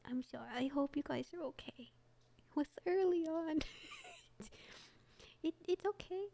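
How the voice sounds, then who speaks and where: Young female streamer, soft-spoken and giggly, a fairly high, gentle reading voice. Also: unhurried, creaky, a little hiss or hum. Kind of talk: soft whispered story reading and chat.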